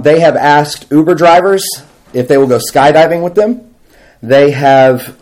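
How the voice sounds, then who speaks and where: A man giving a sermon to a live audience, telling stories with animated energy, laughing and asking the room questions. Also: medium pitch. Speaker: preacher.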